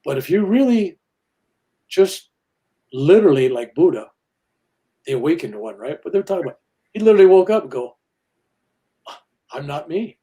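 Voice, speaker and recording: A man's voice: fairly high pitch, sing-song, moderate pace, pauses often, dark tone. An older man, a minister and guest, talking earnestly about spirituality and acting out quoted voices as he tells stories. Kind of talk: spiritual interview talk.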